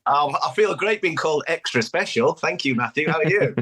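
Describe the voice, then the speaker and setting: A man's voice: fairly high pitch, animated, a little fast, bright, forceful tone, breathy edge. A middle-aged man from Manchester with a Mancunian accent, chatting as a podcast guest and telling stories with easy laughs. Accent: Mancunian English. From Manchester, England. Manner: chatty, storytelling, laughs easily. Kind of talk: casual interview chat.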